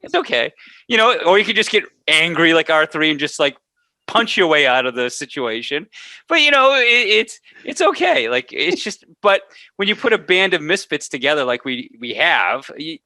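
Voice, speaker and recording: Lively laughing male podcast co-host. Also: on the high side, normal speed, dry recording. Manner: animated, laughs often, joking. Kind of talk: casual banter.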